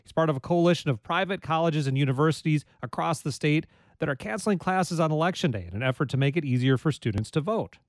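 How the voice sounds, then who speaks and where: A male public radio host with a somewhat high voice, talking in a measured, gently wry manner. The sound is dry and close, with no room around it. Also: dry recording. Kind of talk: public radio talk show hosting.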